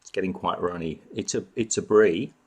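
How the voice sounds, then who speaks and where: A man's voice: low-pitched, moderate pace, darkish tone, slightly rough. A man hosting a casual live chat from home, greeting viewers by name and snacking as he talks. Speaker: live stream host.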